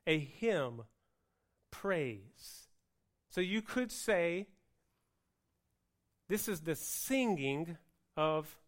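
A man preaching a sermon on Hebrew words for worship, mixing joking asides with loud, emphatic passages. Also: fairly high pitch. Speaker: pastor.

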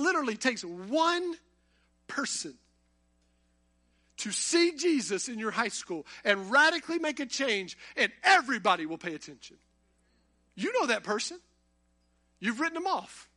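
A man preaches a sermon in a high, bright, forceful voice. He talks to the congregation conversationally and builds to impassioned emphasis.

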